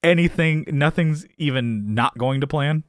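In a studio-quality recording free of echo, this man talks at a moderate pace while co-hosting a podcast. He recaps a TV episode casually, swearing and laughing as he goes, and adopts high-pitched voices when quoting.

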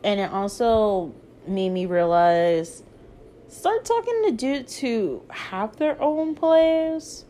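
A woman's voice: fairly high pitch, animated, slow, mellow. A young adult woman telling a casual story to camera, chatty and profane, with lots of "like" fillers. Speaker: vlogger.

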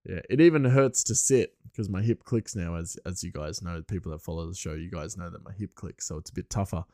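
A man's voice: sits low, fast talker, mellow, no echo, studio quality. A young man chatting casually on his podcast, rambling and laughing often. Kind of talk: casual solo chat.

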